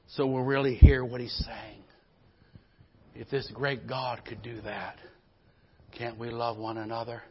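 A man's voice: medium pitch, breathy edge. A male pastor preaching a sermon in a church, with emphatic call-and-response and folksy storytelling asides. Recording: dull lo-fi sermon recording.

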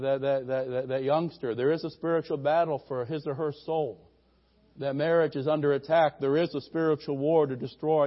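A man with a high voice preaches to his congregation, climbing into loud, emphatic bursts before falling back to soft, conversational asides. The recording is dull and muffled, like old lo-fi church audio. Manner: preaching with sudden loud rising peaks and quiet asides. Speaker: pastor. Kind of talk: sermon.

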